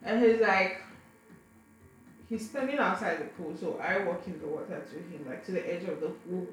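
A woman's voice: fairly low pitch, normal speed, faint music behind. A young adult woman telling a personal story to camera in a casual, frank way, often tripping over and repeating her words. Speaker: vlogger. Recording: very echoey room, faint background noise.

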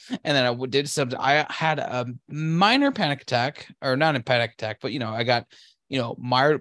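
A man's voice: medium pitch, fairly bright tone, dry recording. A man co-hosting a podcast, ranting and cursing about his week in casual chat. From Pacific Northwest. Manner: profane, ranting, sarcastic. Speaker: podcast co-host.

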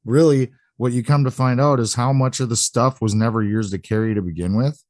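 A man's voice: mid-range voice, steady tone, fairly quick, darkish tone, no echo, studio quality. A man co-hosting a podcast, chatting casually and supportively, joking and swearing now and then. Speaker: podcast co-host. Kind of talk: casual interview chat.

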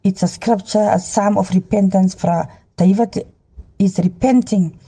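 Middle-aged woman, phone selfie in a car, earnest halting testimony, dark husky tone. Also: mid-range voice. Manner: halting, many ums, preachy urging. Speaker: Christian dream sharer. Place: inside a car. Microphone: handheld phone.

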